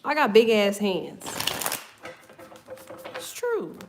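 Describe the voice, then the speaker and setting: A woman's voice: mid-range voice, huge pitch swings, drawn-out words, over music. A woman giving a casual tarot reading. She swears freely, laughs often and drifts off on tangents. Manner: loose, profane, laughs often, goes off on tangents. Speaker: tarot reader.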